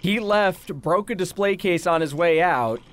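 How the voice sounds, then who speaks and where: Slightly high-voiced man telling a story. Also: animated, unhurried. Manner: rambling anecdotal storyteller. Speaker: co-host of a let's play channel. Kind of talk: casual gaming chat, storytelling.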